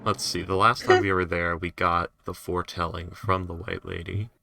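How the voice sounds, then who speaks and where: Deep, bright-toned man teasing friends. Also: level tone, normal speed, creaky, slight background noise. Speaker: player. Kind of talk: casual tabletop game chat.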